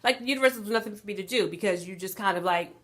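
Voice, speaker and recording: A woman vlogger giving an animated spiritual talk, preaching and laughing often. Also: mid-range voice, rapid-fire.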